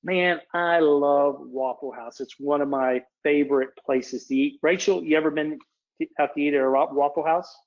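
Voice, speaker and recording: A man with a fairly high voice presents a webinar in a relaxed, conversational way. He wanders off on tangents and restarts his sentences. The audio is dull and lo-fi. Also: moderate pace. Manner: chatty, digressive, self-interrupting. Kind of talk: casual conference presentation.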